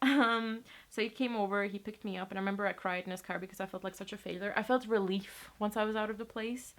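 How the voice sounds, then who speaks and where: A woman's voice: medium pitch, steady tone, fast talker, hardly any pauses. A young woman from Latvia telling a personal story to her camera in a rambling, casual way, swearing often. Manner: chatty, rambling, swears casually, many fillers. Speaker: vlogger.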